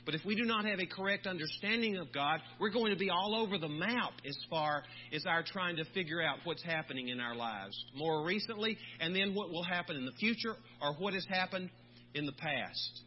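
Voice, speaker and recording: A man, a pastor, preaching a sermon in a measured way, slowing down on key words. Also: sits high, animated. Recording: dull lo-fi recording with faint hum.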